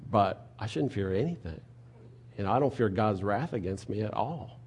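A man preaching a sermon in a conversational way, asking rhetorical questions and moving between quiet and loud delivery. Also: fairly low pitch, expressive, normal speed, a little hiss or hum. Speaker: pastor.

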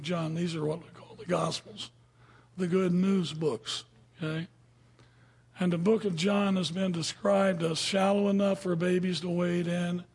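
A man's voice: high voice, creaky, darkish tone, husky. A man teaching from the Bible in a casual, conversational way, often asking his listeners questions. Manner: conversational, asks the audience questions. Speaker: preacher.

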